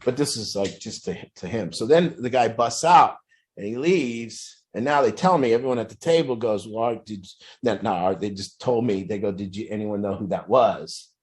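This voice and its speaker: A man telling a long personal story in a casual, rambling way, with many fillers and restarts, putting on a higher voice for quoted lines. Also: normal speed. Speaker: group speaker telling a story.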